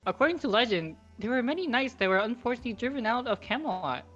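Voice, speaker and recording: A woman reading lines in a group stream in a steady, explaining way. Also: fairly high pitch, fast, muffled recording, faint music behind. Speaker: voice reader on a stream.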